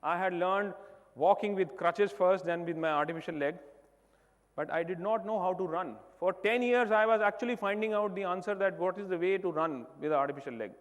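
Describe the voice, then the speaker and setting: A man from India with an Indian accent, giving a motivational stage talk, telling his story emphatically, swinging between loud passages and soft ones. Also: sits high, fairly quick. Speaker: keynote speaker. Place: large hall on stage. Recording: long reverb of a large hall.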